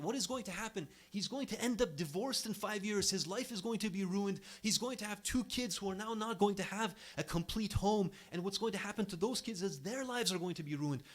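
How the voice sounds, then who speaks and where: A young man giving a sermon to a congregation in an earnest, emphatic way, his voice rising and dropping sharply to stress each point. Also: sits high. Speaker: speaker at an Islamic center.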